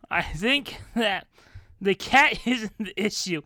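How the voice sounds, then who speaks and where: Brief: laughing woman co-host, slow, dry close sound. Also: mid-range voice, lively intonation, bright, forceful tone, no room sound. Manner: giggly, laughing often. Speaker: podcast co-host. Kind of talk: improvised comedy chat.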